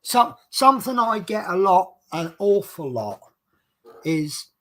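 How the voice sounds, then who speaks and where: A man's voice: high-pitched, big pitch swings, slow pace, bright, forceful tone. A man working as a bus driver, telling rambling work stories in a casual, chatty way and acting out the dialogue. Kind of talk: casual storytelling monologue.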